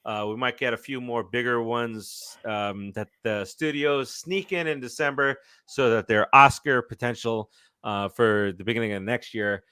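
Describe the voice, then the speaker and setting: A man's voice: mid-range voice, normal speed, sharp tone, smooth, dry recording, clean studio sound. A man co-hosting a sports and movie podcast, talking casually with lots of fillers and restarts. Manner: rambling, many fillers and restarts. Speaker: podcast co-host. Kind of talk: casual chat.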